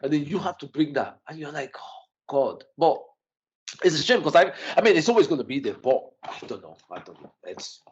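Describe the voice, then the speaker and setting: A man telling a story in casual chat, animated and full of restarts, his voice jumping up when he is shocked. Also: a little high, a little fast, lo-fi sound. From Nigeria and the UK. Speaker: podcast guest.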